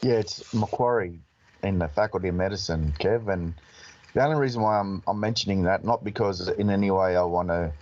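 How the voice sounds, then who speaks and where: A man who is a guest, answering in a measured way and restarting while he chooses his words. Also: low-pitched, darkish tone, highs cut off. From Australia. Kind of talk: thoughtful interview answer.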